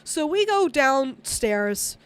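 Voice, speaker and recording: A woman's voice: high voice, very animated, slow. A woman streamer casually recapping a movie, rambling, swearing often and acting out the characters' lines. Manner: rambling, frequent swearing, acts out character quotes.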